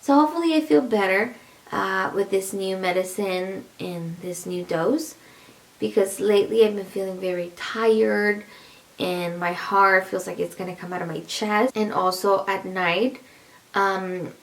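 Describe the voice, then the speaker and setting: A woman's voice: mid-range voice, gravelly. A pregnant woman chatting to her viewers in a casual vlog, rambling and laughing often as she talks. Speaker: vlogger.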